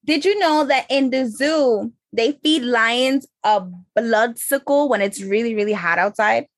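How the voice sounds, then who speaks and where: A woman co-hosting a casual podcast, sharing trivia facts with playful deadpan quips. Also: a little high, measured pace, no room sound.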